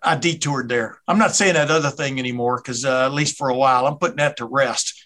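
Bright-voiced chatty Southern man. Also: medium pitch, fairly quick. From American South. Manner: rambling, chatty, self-interrupting. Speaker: podcast host. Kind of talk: casual podcast interview.

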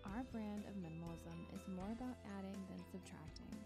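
A woman's voice: medium pitch, fairly quick. A woman co-host reading a scripted podcast introduction. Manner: read from a script. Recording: music bed under voice.

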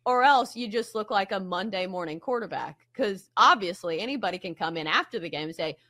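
A woman's voice: mid-range voice, expressive, brisk, bright, forceful tone. Emphatic woman betting show host. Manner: emphatic, arguing a point. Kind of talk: opinion commentary.

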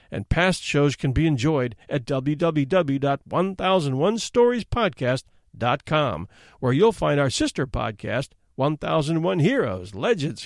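A man who hosts a podcast and narrates a classic short story in an expressive, dramatic storytelling manner. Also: fairly high pitch, vocal fry, no echo, clean studio sound.

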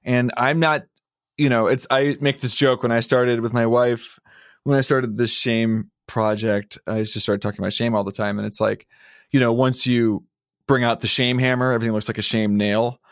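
A man co-hosting a podcast who speaks in a measured, reflective, thoughtful way. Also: medium pitch, steady tone, no room sound, studio quality. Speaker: podcast co-host. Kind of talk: conversational chat.

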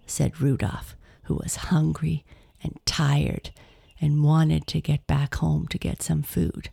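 A woman narrating a children's storybook in a slow, soft-spoken manner that sinks to whispers. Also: deep voice, little pitch movement, gravelly, breathy edge, no echo, studio quality.

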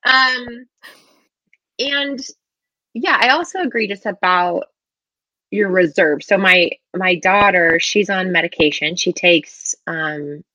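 Lively woman co-host, dry close sound. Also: lowish voice, takes it slowly, no echo, lo-fi sound. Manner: animated, laughs often, lots of "like" fillers. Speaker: podcast co-host. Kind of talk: casual conversational chat.

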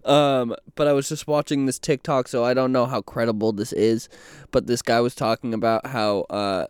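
A man's voice: medium pitch, fairly even intonation, clean tone, dry recording. A man co-hosting a podcast in casual chat, rambling with lots of fillers and restarts. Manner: rambling, halting, with frequent fillers. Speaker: podcast co-host. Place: Portland, Maine.

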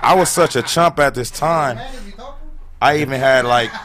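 A man telling stories in an animated, profane way as a podcast guest in a casual chat. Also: medium pitch, a little slow, a loud crowd.

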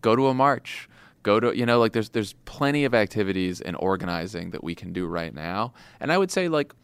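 A man's voice: on the low side, animated, a little fast, clean tone, no room sound. A man hosting a podcast, talking in an earnest, encouraging, conversational way. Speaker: podcast host. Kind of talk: casual political chat.

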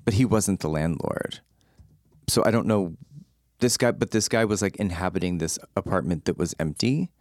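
A young man telling a story in casual chat, rambling and animated, his voice jumping up when excited. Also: low voice, normal speed, dry recording, studio quality.

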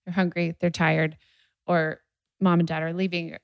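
A woman's voice: fairly low pitch, normal speed, creaky, no echo, muffled recording. A woman chatting casually and livelily about toddler tantrums, laughing along. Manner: lively, acts out kids' voices, laughs. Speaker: podcast co-host. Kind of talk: casual chat.

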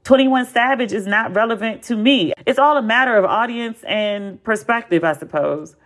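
An American woman in her forties hosts a podcast and chats casually in a blunt, animated way, with lots of profanity and emphatic repetition. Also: on the high side, moderate pace. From United States. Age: 40s. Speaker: podcast host. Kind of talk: casual chat.

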